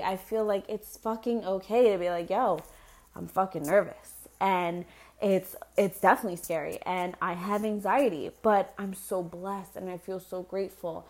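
A young woman telling her pregnancy story in a candid personal vlog, rambling, laughing often and swearing freely. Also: medium pitch. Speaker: expectant mother.

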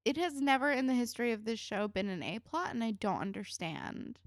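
A woman co-hosts a podcast, chatting about a TV episode in a casual, joking way. Her voice sits fairly high and swings up and down a lot. The recording is dry and close. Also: a little fast, no room sound. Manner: chatty, animated, swears, laughs while talking. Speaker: podcast co-host. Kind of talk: casual chat recapping a TV episode.

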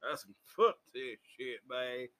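Drunk man, raw storytelling, bright voice. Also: lively intonation, slow pace. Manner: loud, crude and laughing, swings into high shouting. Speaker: vlogger. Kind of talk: raw, profane personal storytelling.

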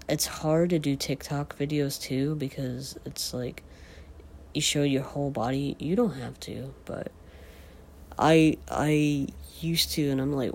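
Slow, halting man with a voice in change. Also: a little high, gravelly, a little mellow, slight background noise. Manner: halting, many fillers and restarts. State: voice changing, with voice cracks. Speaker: podcaster. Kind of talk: casual confessional monologue.

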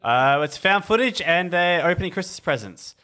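A man's voice: sits high, expressive, moderate pace, sharp tone. A man in casual movie commentary with friends, calling out what is on screen. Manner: calls out plot points, laughs along.

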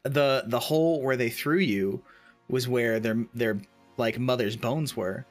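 A man in casual podcast chat, telling a game anecdote with lots of fillers and laughs, dropping into high put-on voices for the characters. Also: a little slow, soft background music. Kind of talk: casual chat about video games.

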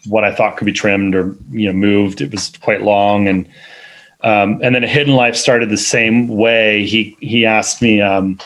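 A man's voice: fairly low pitch, flat delivery, measured pace, fairly bright tone, poor audio. A man, a film editor, talking casually in an interview, rambling with many fillers and restarts. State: parent of two little kids.

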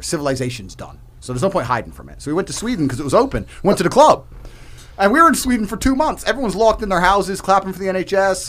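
A man appears as a podcast guest in a heated debate, ranting emphatically and profanely. His voice swings loud and high as he makes his points.

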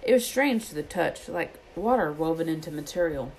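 A woman's voice: sits low, normal speed, low-quality recording. A woman reading a children's novel aloud and acting out the characters' lines in her own voice. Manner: reads with lively character voices. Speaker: reader.

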